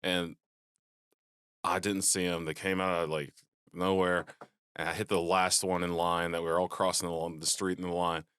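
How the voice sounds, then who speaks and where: Deep-voiced rambling male podcast co-host. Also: flat delivery, normal speed, fairly bright tone, clean tone, no room sound, clean studio sound. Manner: rambling, restarts often, swears casually. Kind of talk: casual chat.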